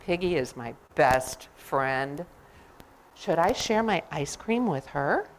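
Brief: fretful, dithering picture-book elephant with a wide-swinging pitch, read by a woman. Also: lively intonation, slow pace, slight background noise, low-quality recording. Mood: torn. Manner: dithering, talks himself in and out of sharing. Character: excitable, fretful male cartoon elephant.

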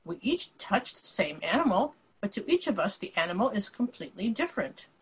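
Earnest blind man from a storybook fable, husky voice, as a woman reads him. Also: medium pitch, big pitch swings, fairly quick, rough recording.

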